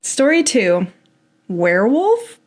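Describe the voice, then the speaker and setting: Animated young woman podcast host. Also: a little high, slow, slight background noise. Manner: animated, laughs often, acts out quotes. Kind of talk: casual chat and storytelling.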